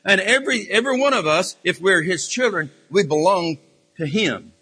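A man's voice: high voice, animated, sharp tone, breathy edge. A man preaching a sermon with passion, often stumbling and restarting his phrases. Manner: impassioned, halting with repeated restarts and fillers. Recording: reverberant hall.

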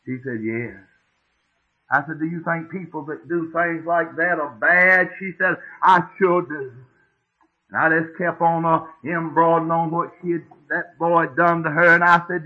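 Folksy preacher on tinny tape. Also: male voice, on the high side, normal speed, sharp tone, husky. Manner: folksy, homespun, asks the congregation questions. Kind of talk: sermon storytelling. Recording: tinny phone-like old tape.

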